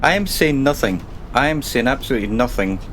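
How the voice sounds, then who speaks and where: A man's voice: medium pitch, expressive, fairly quick, a bit bright, a little hiss or hum. A man casually commentating his own driving game stream, chatting and rambling to himself and his viewers.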